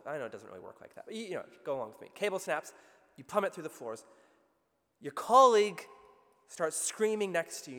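A man with an Australian accent preaching a sermon, telling the story with vivid asides and a lively, expressive delivery. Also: mid-range voice, long reverb tail.

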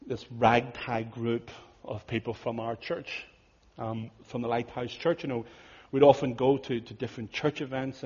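Husky male pastor, conversational sermon storytelling, dull audio in a long-echo hall. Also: medium pitch. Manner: earnest, conversational, drops to hushed tones.

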